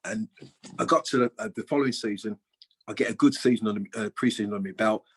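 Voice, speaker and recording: A man in his sixties, a former footballer, is a guest on an interview podcast. He talks in a low, husky voice and spins casual anecdotes, voicing the other people in them and swearing now and then. He is speaking over a video call. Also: fast, rough recording. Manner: chatty anecdotes, acts out quoted dialogue, swears freely.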